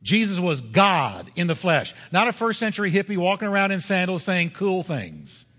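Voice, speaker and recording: A man preaching a sermon as pastor, driving points home with repetition and slowing down on key words. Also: high-pitched, big pitch swings, a bit bright, long reverb tail.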